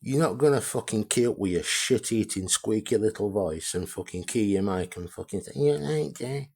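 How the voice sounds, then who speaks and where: Man with a very deep voice for a blunt, profane vlog rant. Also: normal speed, darkish tone, husky. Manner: blunt, heavily profane, repetitive. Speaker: amateur radio vlogger. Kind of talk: ranting video monologue.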